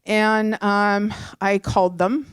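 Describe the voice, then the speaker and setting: A woman's voice: medium pitch, takes it slowly, smooth, no room sound, clean studio sound. Heartfelt middle-aged woman telling a story. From Canada. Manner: heartfelt, animated, acts out quoted voices. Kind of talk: live personal storytelling on stage. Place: theatre stage.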